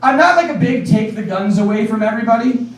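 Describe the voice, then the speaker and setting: A man's voice: very high voice, lively intonation, fast talker. A man performing a stand-up comedy set on stage, rambling and laughing at his own jokes, with lots of "like". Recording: echoey room from far off.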